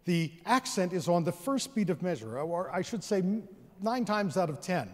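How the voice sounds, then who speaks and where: A man with a high-pitched, expressive voice speaks at a moderate pace while presenting an educational concert in a large theater. He gets the audience counting and singing rhythms with the orchestra, and the hall's long reverb is audible.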